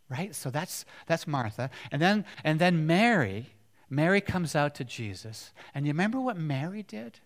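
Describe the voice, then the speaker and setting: A male preacher giving a conversational sermon, often asking the congregation questions and dropping from loud passages to hushed ones. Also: on the high side, sing-song, normal speed.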